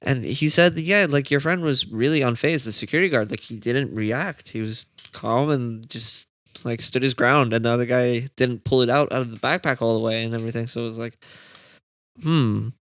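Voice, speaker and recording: A man's voice: medium pitch, fairly quick, a bit bright, no echo. A man co-hosting a podcast, chatting casually, reacting to a friend's story and adding cautious asides. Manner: reactive, laughing along, adds cautious asides. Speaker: podcast co-host. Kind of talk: casual chat.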